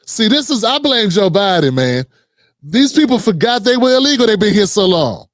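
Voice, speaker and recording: A man's voice: high-pitched, sing-song, moderate pace, dry recording, studio quality. A man hosting casual political reaction commentary, mocking and slangy, sometimes putting on voices.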